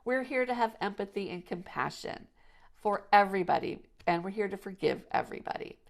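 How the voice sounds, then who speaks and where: A woman hosts a podcast, talking casually and spinning long stories full of restarts and asides. Her voice has a gravelly, creaky texture, and she sits at a middle pitch. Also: lively intonation, a little fast. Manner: chatty storyteller, lots of restarts and "you know". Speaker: podcast host. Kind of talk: casual conversational chat.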